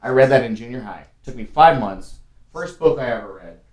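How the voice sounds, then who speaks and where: A man's voice: medium pitch, animated, a little fast. A man in his forties, chatting casually as a podcast guest, rambling with fillers and restarts. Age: 40s. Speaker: podcast guest, whiskey brand rep. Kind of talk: casual chat.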